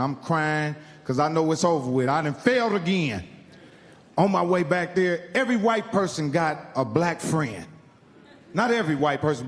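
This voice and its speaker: A middle-aged man from Indiana telling profane stand-up stories with animated, acted-out quotes on a comedy club stage. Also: a little high. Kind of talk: stand-up storytelling. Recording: live club sound with hall reverb.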